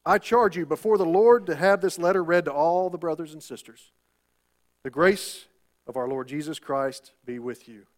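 High-voiced preacher calling "Amen?". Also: male voice, moderate pace. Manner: rhetorical questions, call-and-response "Amen?"; emphatic, repetitive preaching. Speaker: pastor. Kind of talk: sermon.

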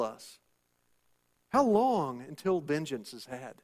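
A man preaching with a high, light voice. He leans on repeated lines and rhetorical questions, calling out to the congregation for an "Amen". His delivery is emphatic and insistent. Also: lively intonation, moderate pace, long pauses. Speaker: pastor. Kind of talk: sermon.

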